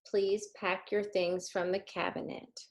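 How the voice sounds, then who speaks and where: Calm patient storybook mom, slow and reasonable, woman reading it. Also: medium pitch, dull audio.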